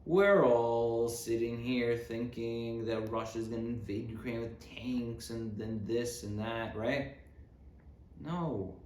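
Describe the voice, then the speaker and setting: On his casual comedic talk show, a podcast host speaks in a medium-pitched, darkish voice. He rambles sarcastically and tends to stop mid-thought. A roomy recording carries faint background noise.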